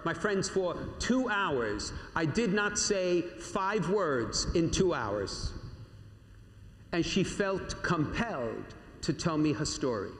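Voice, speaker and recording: A priest preaching to young confirmation candidates, his slightly high voice slowing down on key words. He tells a personal story with dramatic pauses. The sound rings through a large, echoing church. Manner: storytelling, addresses listeners as "my young friends"; dramatic pauses and slowed emphasis. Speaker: Catholic priest. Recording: echoey church with long reverb.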